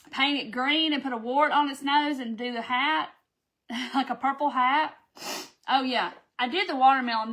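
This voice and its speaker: A folksy woman, talking to viewers on a live craft stream. Her voice sits a little high, and she chats along easily and warmly. She calls out viewers by name and says "y'all" often. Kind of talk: casual chat to live viewers.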